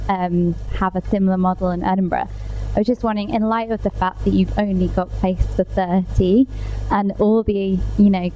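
A woman's voice: mid-range voice, level tone, normal speed, dark tone. Hesitant woman asking from the audience. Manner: hesitant, many fillers. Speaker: audience member asking a question. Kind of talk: audience question. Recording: dull, with faint background hiss.

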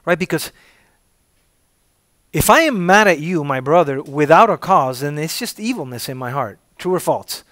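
A pastor preaching a sermon with emphatic bursts and call-and-response prompts to the congregation. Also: male voice, fairly high pitch, lively intonation, moderate pace, a bit bright, dry recording. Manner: call-and-response, repeating "say amen if you're with me".

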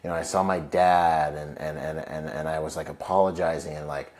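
A man's voice: very deep voice, steady tone, a little fast, darkish tone. A man who is a Marine veteran, telling his story as an interview guest in a casual, laid-back way, full of slang and fillers.

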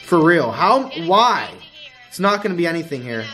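A man streaming a live casino game, pleading and chanting at the wheel and breaking into loud shouts. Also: a little high, big pitch swings, moderate pace, faint music behind. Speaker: gambling streamer. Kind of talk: excited live casino commentary.

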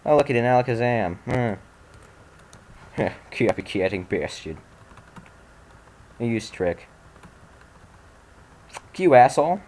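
A man's voice: on the low side, slow pace, long pauses, a little mellow. Grumpy young man swearing at a game. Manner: irritable, swearing, grumbling. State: angry, frustrated. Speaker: let's play commentator. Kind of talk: casual gameplay commentary.

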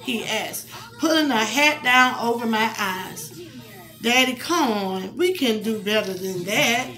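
A woman, reading a picture book aloud to her young child in a soft, coaxing way, with asides. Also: fairly high pitch, animated, a little slow.

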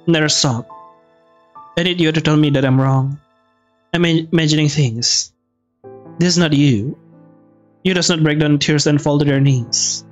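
A man plays through a story game, reading the on-screen text aloud. His voice sits slightly high, and he stumbles and restarts words now and then. Soft game music runs faintly in the background. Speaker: let's play gamer. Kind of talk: reading a visual novel aloud with commentary.

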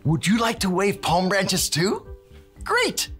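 A woman's voice: medium pitch, huge pitch swings, takes it slowly, fairly bright tone, faint music behind, heavily acted. A woman playing a cheerful handyman who teaches a children's Bible lesson, cheering and tossing in Spanish words.

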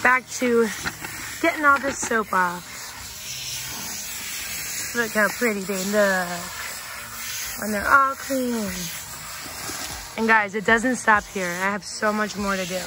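A woman's voice: medium pitch, takes it slowly, long pauses, noisy background. A young woman chatting casually while she washes and grooms her horse, now and then coaxing the animals. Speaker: vlogger and horse owner. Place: outdoors and in a barn with horses.

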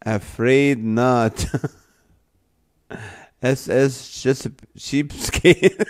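A man reads viewer comments aloud on his live stream, unhurried and drawn out. He keeps breaking into laughter, sometimes to tears. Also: medium pitch, steady tone. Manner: laughs often while reading; slow, drawn-out delivery.

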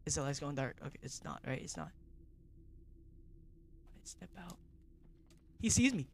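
A young man streaming a horror game, jumpy and excitable, who repeats himself in slangy bursts and drops to a whisper when tense. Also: a little high, quick pace. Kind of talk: live gaming commentary.

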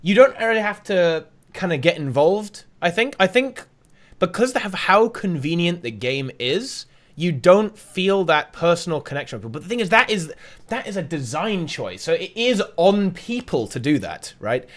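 A man's voice: high voice, big pitch swings, normal speed. A man co-hosting a casual gaming podcast, thoughtful and talking ideas through. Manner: thoughtful, talks things through. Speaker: podcast co-host.

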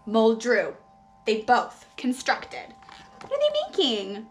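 A woman preschool teacher reading a picture book aloud to young children, expressive and pausing to ask them questions. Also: on the high side, faint music behind.

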